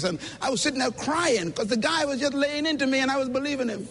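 A man's voice: very high voice, fast, hardly any pauses, a bit bright. A man giving an emphatic, preacher-like motivational speech at a conference, speaking directly to the audience, recorded in a reverberant hall.

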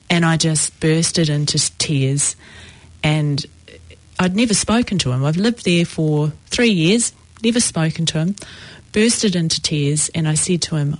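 A woman telling her own recovery story in a reflective, halting way with many pauses. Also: low voice, dry recording. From New Zealand. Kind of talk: personal testimony.

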